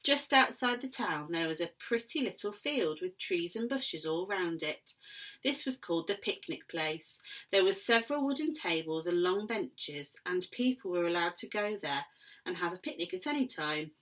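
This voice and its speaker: A woman teacher reading a children's story aloud expressively, with soft whispered asides to her class. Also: lowish voice, expressive, normal speed.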